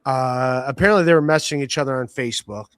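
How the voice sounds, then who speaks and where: Podcast host, male, mid-pitched, rambling storyteller, dry close sound. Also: fast, smooth, dry recording. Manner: rambling storytelling with many fillers and restarts. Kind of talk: casual podcast chat.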